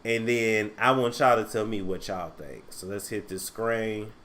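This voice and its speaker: A man's voice: fairly low pitch, steady tone, unhurried, crowd noise. A man hosting a casual gossip show, who talks straight to the camera and the live chat and teases people in blunt, crude words. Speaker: host.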